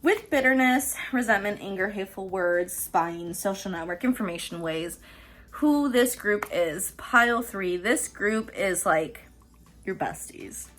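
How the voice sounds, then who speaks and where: A woman's voice: mid-range voice, expressive, unhurried, fairly bright tone. A woman hosting a casual pick-a-card tarot reading, chatty and profane, often laughing mid-sentence. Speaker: tarot reader and host.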